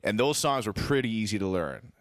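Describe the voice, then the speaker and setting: Ranting, lively male podcast host. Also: on the low side, brisk, no echo, studio quality. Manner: animated, swears a lot, ranting. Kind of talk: casual profane chat.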